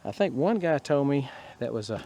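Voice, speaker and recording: A man's voice: medium pitch, expressive, normal speed, warm tone, slight background noise. A middle-aged man with a Texan accent, chatting folksily outdoors in his garden as he digs and shows his harvest. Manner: folksy, rambling, chuckles while talking. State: a little winded. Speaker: gardening vlogger. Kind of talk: casual outdoor garden vlog.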